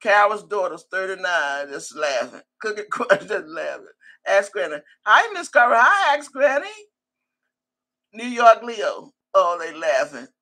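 Woman, livestream host, casual chat, frequent laughter, reads viewer comments, bright voice. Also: mid-range voice, very animated, a little slow. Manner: laughs a lot, chatty and teasing; calls out viewer names one after another.

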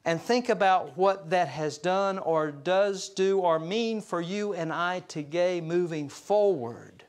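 Higher-voiced man preaching a sermon. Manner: conversational, chuckles through anecdotes; earnest, slows for emphasis. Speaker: pastor. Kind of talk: storytelling sermon. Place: church service.

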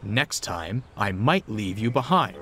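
A man's voice: fairly low pitch, expressive, measured pace, a bit bright. A man voicing an impatient young male tank engine in a storybook reading, grumbling and sulky. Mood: grumpy. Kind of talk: storybook narration.

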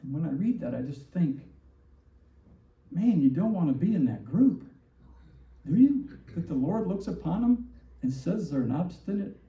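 A man preaching a sermon as pastor, animated and full of rhetorical questions, acting out the lines he quotes. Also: a little high, moderate pace, pauses often. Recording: distant, roomy, dull church recording.

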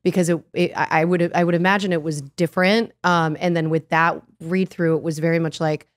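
A woman's voice: on the low side, fairly even intonation, fairly quick, no echo. A woman hosting a podcast, chatting casually in a reflective, hesitant way. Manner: reflective, hesitant, many restarts. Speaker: podcast host. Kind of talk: casual chat.

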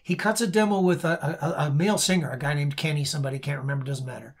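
A male guest musician with a fairly high voice talks fast, telling a story in a casual, animated way. He keeps stopping and restarting mid-sentence while explaining a song and demonstrating it, and he acts out other people's lines.

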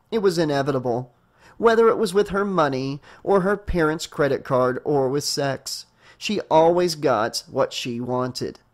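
A man narrating a horror novel as an audiobook reader, with a steady storytelling delivery. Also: a little high.

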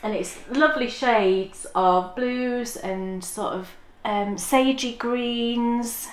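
A woman's voice: on the high side, slow pace. A woman co-hosting a podcast in casual, enthusiastic chat and laughing easily. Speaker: podcast co-host. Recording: roomy echo.

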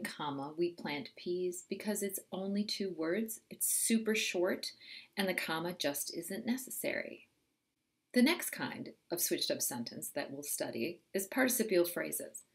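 A middle-aged woman, a writing teacher, narrating a scripted grammar lesson in a clear, teacherly way. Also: on the low side. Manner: clear, expressive teacherly delivery.

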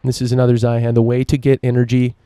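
A man's voice: mid-range voice, monotone, quick pace, warm tone, clean tone, no echo. A man hosting a solo opinion podcast, ranting emphatically and swearing freely. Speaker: podcast host.

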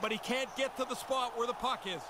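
A chatty hockey color commentator who breaks down each play. His voice sits very high for a man. An arena crowd roars clearly behind him. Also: fairly quick. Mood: analyzing. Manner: chatty, analytical remarks. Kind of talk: scripted sports commentary.

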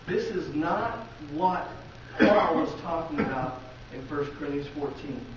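A man's voice: fairly high pitch, animated, measured pace, a crowd in the background. A man with a Midwestern American accent preaching a sermon in a church, talking conversationally and asking the congregation rhetorical questions. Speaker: pastor. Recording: very echoey, distant, dull lo-fi.

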